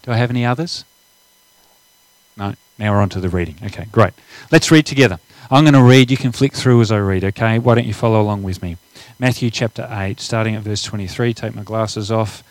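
A man's voice: lowish voice, brisk, dry recording, poor audio. A middle-aged man preaching a sermon, chatting casually over slides and then reading scripture aloud with rising emphasis. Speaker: pastor.

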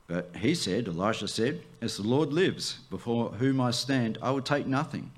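A man, the church's pastor, preaching a sermon, swooping up high for emphasis and dropping to a near hush. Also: expressive, moderate pace.

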